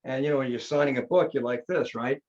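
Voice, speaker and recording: A hypnotherapist guest on a podcast tells a story in blunt, emphatic bursts of short, punchy phrases. His mid-range voice is quick and a little mellow, captured with slightly dull lo-fi sound.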